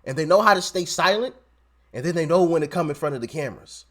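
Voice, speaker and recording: A man giving casual, animated commentary on video clips, often repeating himself and laughing. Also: a little high, fast talker.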